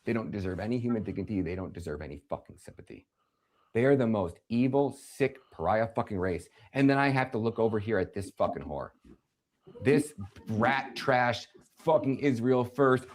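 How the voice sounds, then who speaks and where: A man hosting a livestream, delivering an angry political rant full of swearing, with sudden shouted bursts. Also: fairly low pitch, expressive, normal speed. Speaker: livestream host.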